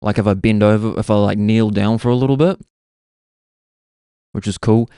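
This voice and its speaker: A man's voice: lowish voice, fairly even intonation, normal speed, warm tone, smooth, no room sound, clean studio sound. A young man, hosting a podcast and musing through a laid-back, self-mocking comic monologue. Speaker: podcast host.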